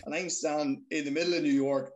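A man's voice: a little high, fast, background noise. A man on a podcast, chatting casually and animatedly acting out what people said in his stories. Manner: animated storyteller acting out quotes. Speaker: podcast guest, trainee wrestler. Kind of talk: casual chat.

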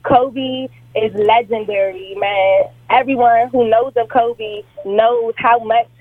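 A woman's voice: fairly high pitch, steady tone, slow, no room sound. A woman in her twenties calling into a radio show from a hair salon, emotional and rambling. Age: 20s. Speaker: caller. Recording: tinny phone line.

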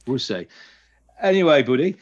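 A man's voice: medium pitch, very animated, normal speed. A British man chatting away as a podcast co-host, enthusiastic and rambling. His voice sits in an ordinary middle range. The recording is slightly dull and lo-fi. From Britain. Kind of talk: casual chat.

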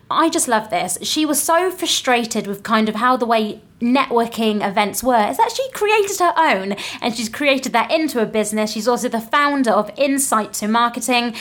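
A woman's voice: on the high side, a bit bright. Bubbly woman hosting a podcast. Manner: bubbly, laughs often, gushing. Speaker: podcast host. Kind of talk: casual interview chat.

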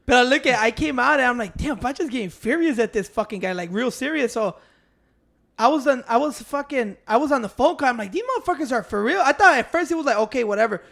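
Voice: medium pitch, expressive, fast talker, creaky, a bit bright. A speaker telling a rambling story in casual chat, swearing and acting out what others said.

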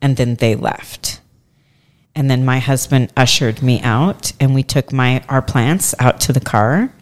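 A little slow and pitched in a bass register, a woman in her forties shares a long personal tale on a relaxed podcast. She brings it to life animatedly, voicing what others said.

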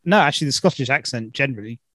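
A man's voice: mid-range voice, rapid-fire, a bit bright, no room sound. A man hosting a casual interview, chatty and enthusiastic, often repeating words as he starts a thought. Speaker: podcast host.

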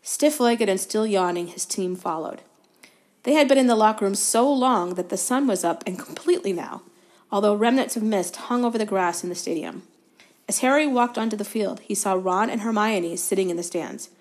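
A woman reading a novel aloud as a guest reader, in steady storytelling narration with a few quick self-corrections. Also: mid-range voice.

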